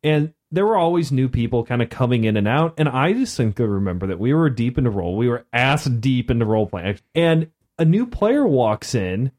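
A man co-hosting a casual podcast chat about role-playing games, telling stories with lively asides. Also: mid-range voice, brisk, hardly any pauses. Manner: animated storyteller, slips into mock voices. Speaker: podcast co-host.

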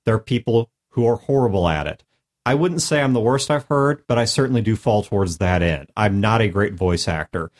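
A man's voice: on the low side, fairly quick. A man giving casual, earnest advice on tabletop role-play, laying out numbered tips and playing down his own skill. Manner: earnest, self-deprecating, explains in numbered points. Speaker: podcast co-host.

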